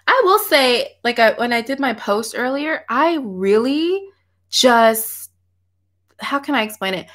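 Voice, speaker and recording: A woman's voice: on the high side, expressive, measured pace, a bit bright. A woman, chatting animatedly with viewers on a livestream from her home office and laughing often. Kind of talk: casual livestream chat.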